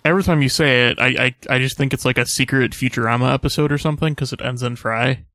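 A man co-hosting a casual podcast, answering his partner with dry, deadpan replies. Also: medium pitch, fast, no room sound. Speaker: podcast co-host.

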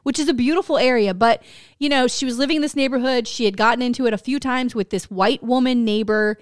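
A woman's voice: fairly high pitch, fast, dry recording, clean studio sound. Blunt, swearing woman podcaster. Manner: blunt, swearing, animated storytelling. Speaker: podcast co-host. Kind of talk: casual podcast chat.

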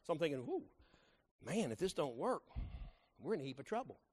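A middle-aged man, a pastor telling a folksy story in his sermon and driving it to loud, emphatic peaks. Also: on the high side, very animated, a little fast, husky.

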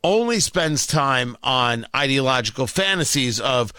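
A man's voice: medium pitch, very animated, measured pace, bright, forceful tone, clean tone, no room sound. A man hosting a talk radio show, delivering a blunt, opinionated monologue with sarcastic asides from a studio mic.

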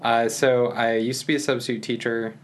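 A calm young man talking softly and unhurriedly as a podcast guest in a relaxed conversation. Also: mid-range voice, slight background noise. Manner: calm, soft-spoken, unhurried. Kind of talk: casual conversation.

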